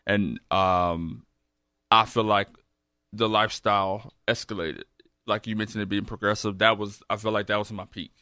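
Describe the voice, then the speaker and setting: Man, lowish voice, halting speech full of fillers, dry close sound. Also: fairly even intonation, bright, forceful tone, no echo. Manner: halting, many fillers and restarts. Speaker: guest, recovery program graduate. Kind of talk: casual interview conversation.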